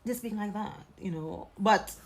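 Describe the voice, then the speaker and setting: A woman with a Trinidadian accent chatting in a social media clip. Her talk is casual and animated, at a middle pitch for a woman. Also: unhurried, rough recording.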